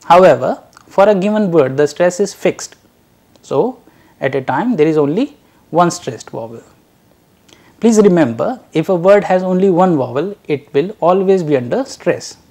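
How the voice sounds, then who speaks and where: A man teaching a recorded language lecture, drilling syllables and words slowly and carefully, addressing dear learners. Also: high-pitched, expressive, a little mellow.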